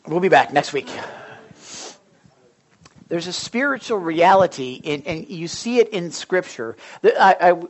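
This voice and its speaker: A pastor preaching a sermon, retelling a Bible story in a rambling, animated way. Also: male voice, high voice, measured pace, long pauses.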